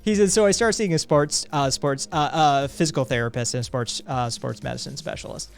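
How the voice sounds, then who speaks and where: A man's voice: mid-range voice, fairly quick, gravelly. Rambling man telling a story. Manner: rambling, acts out quotes, frequent fillers. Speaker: podcast co-host. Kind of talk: casual storytelling on a livestream.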